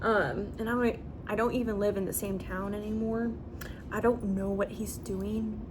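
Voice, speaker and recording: A woman's voice: mid-range voice, measured pace, noisy background. A young adult woman chatting casually as she tells a story-time vlog, with lots of fillers. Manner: chatty and animated, with many fillers. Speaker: vlogger.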